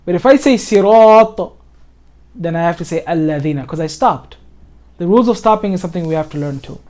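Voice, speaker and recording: A man talking a student through Quran recitation on a call, in an easy, patient way. He restarts often, fills pauses with "um," and slows right down whenever he recites a phrase. Plain computer mic sound. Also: fairly high pitch, animated, a little mellow. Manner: patient, repeats words, many fillers and restarts, slows to recite. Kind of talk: informal one-on-one lesson over screen share.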